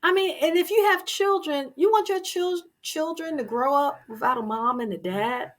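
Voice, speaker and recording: A woman hosting a motivational talk, speaking earnestly and emphatically to her viewers, with sudden loud, emotional bursts. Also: sits high, normal speed. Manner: preachy and earnest, talks straight to the viewer. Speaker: host.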